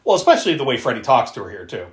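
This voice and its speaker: A man's voice: mid-range voice, big pitch swings, racing. A man hosting a podcast, casually recapping a movie, chatty and swearing, laughing often between lines. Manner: chatty, laughs a lot, swears, many fillers. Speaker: podcast host. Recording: roomy echo.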